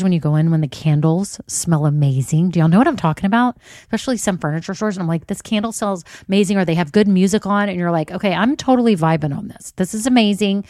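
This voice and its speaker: A woman's voice: medium pitch, no echo, clean studio sound. A woman hosting a podcast, giving upbeat motivational business advice straight to her listeners. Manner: upbeat, coaching, addresses listeners as y'all. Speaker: podcast host.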